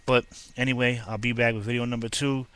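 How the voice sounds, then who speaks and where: A man's voice: medium pitch, level tone, fast, a bit bright, smooth. A young man casually reviewing a wrestling show for his video channel, rambling with lots of fillers. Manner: rambling, laid-back, filler-heavy. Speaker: wrestling vlogger.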